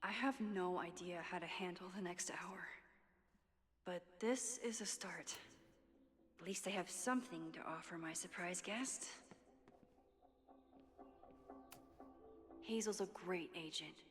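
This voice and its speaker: An actress voicing a wry, introspective young woman photographer in a video game, in quiet reflective inner monologue. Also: on the low side, normal speed, big-room sound, close to an everyday voice.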